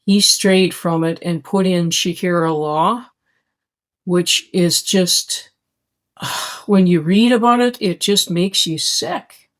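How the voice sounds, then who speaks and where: A woman speaks in a slow, deliberate way, pressing every point with urgency. Her monologue is emphatic and addressed straight to her listeners, as if pleading with them to act. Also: lowish voice. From Canada. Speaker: podcast host. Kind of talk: impassioned monologue.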